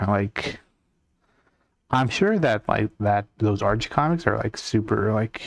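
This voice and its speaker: A young art streamer chats loosely with his live-stream audience while he draws, reading comments aloud, answering them and rambling from one to the next. His low voice has a gravelly fry. The recording is dry and close, with no sense of a room around it.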